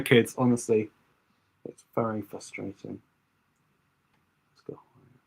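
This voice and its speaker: Gravelly man chatting live. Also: fairly low pitch, little pitch movement, measured pace, long pauses, slight background noise. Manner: chatty, thinking aloud and talking to viewers. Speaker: drag queen doing makeup on a livestream. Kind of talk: casual livestream chat while doing makeup.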